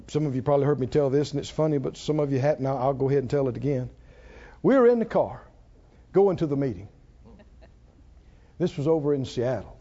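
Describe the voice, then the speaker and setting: A man's voice: mid-range voice, fairly quick, long pauses, dull audio. An older male pastor preaching a sermon, telling stories with frequent laughs and calling on the congregation to answer back. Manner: animated storytelling, laughing often, calling for congregation responses.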